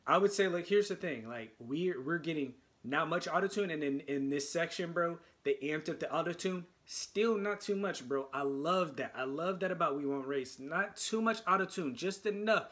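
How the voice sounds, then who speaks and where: A man from the United States giving casual music reaction commentary, talking excitedly and stumbling over his words. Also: on the high side, moderate pace, hardly any pauses.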